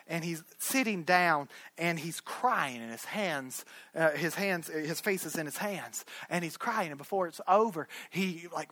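A man preaching a sermon, who climbs to shouted peaks and drops to hushed storytelling. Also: high-pitched, no room sound.

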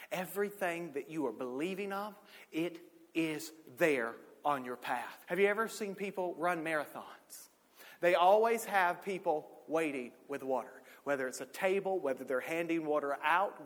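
Male pastor, storytelling sermon, somewhat high-pitched, loud-to-soft swings, reverberant hall. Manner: storytelling, swings from loud shouts to hushed low lines.

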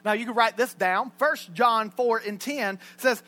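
A man preaching a sermon in a church, folksy and joking, shifting between loud and hushed lines. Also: very high-pitched, measured pace, hardly any pauses. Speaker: pastor. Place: church sanctuary.

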